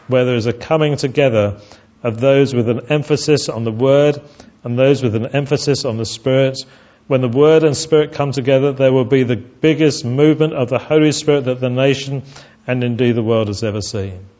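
An earnest man preaching a sermon, pitched at a middling level for a man. He falters and repeats words as he speaks. The recording sounds dull and lo-fi. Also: warm tone.

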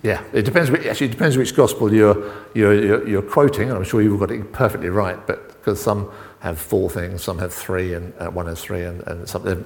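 A middle-aged man preaching an informal sermon, halting and full of restarts and asides as he talks with the congregation. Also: on the low side, fairly even intonation, creaky. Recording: long reverb in a hall.

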